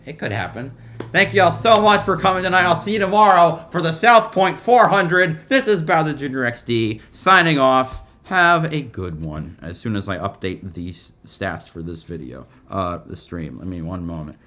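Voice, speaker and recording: Bright-voiced guy hosting a race stream. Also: medium pitch, expressive, moderate pace. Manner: casual, rambling, trails off. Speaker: livestream host. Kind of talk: live race reaction stream.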